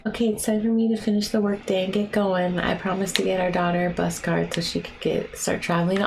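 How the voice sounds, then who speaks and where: A woman's voice: on the low side, level tone, normal speed, gravelly, few pauses, slight background noise. A woman in her thirties chatting casually with her live-stream viewers while she paints. She is chatty and self-mocking, and she talks to chat between brushstrokes. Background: soft music.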